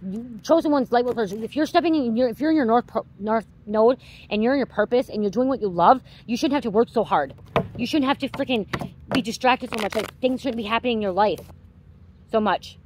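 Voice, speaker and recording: Against a noisy background, a woman with a voice on the high side speaks fairly quickly while giving her viewers a psychic card reading. She gets worked up and heated, stressing and repeating her points and swearing without restraint.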